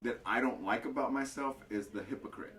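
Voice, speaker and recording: A man's voice: medium pitch, brisk, fairly bright tone. A man hosting a podcast, talking candidly about himself with self-mocking humor and frequent chuckles. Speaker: podcast host. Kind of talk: casual chat.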